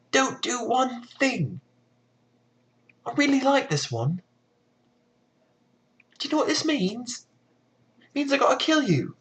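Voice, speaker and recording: Bluebeard type voiced by a narrator: a high, petulant wife-killer who complains about his own rules. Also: a bit bright, full character voice. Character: blue-bearded male wife-killer, whiny and exasperated. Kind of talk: comic storytelling.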